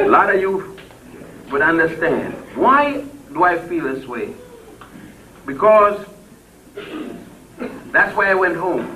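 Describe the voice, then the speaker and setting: Fiery older man speaking from afar. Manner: emphatic and preachy, swinging between loud peaks and low murmurs; salty, blunt, with chuckles in the telling. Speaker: public speaker. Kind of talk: impassioned speech to a crowd. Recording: distant mic with faint background noise.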